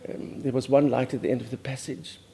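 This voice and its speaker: A man's voice: mid-range voice, little pitch movement, a little fast, vocal fry, warm tone, natural voice. A man playing a prim, earnest older Afrikaans society lady with an Afrikaans South African accent, confiding in a monologue that drops Afrikaans words. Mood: reminiscing. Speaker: host. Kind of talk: character monologue.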